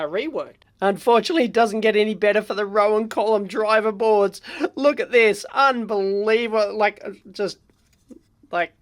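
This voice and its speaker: An Australian woman of middling pitch talks her way through a hands-on teardown in casual, unscripted commentary. She is blunt and excitable, with lots of exclamations and loose fillers between her thoughts. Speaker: electronics vlog host.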